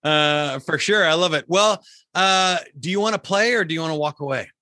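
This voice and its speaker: Guy hosting a podcast, bright tense voice, dry close sound, friendly and encouraging. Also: a little high, normal speed, no echo. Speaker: podcast host. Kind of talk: casual podcast interview.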